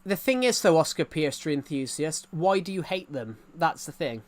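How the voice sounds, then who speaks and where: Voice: medium pitch, expressive, normal speed, darkish tone. A streamer with a rural English accent, chatting on a livestream and answering viewer comments, with frequent restarts and repeated phrases. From England.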